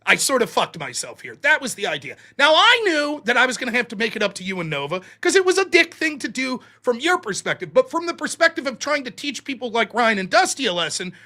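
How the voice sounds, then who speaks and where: A man's voice: extremely high pitch, big pitch swings, quick pace, hardly any pauses, bright, forceful tone. A man talking casually as a guest, telling a story in a blunt and profane way. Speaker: guest streamer and debater. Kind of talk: casual podcast conversation.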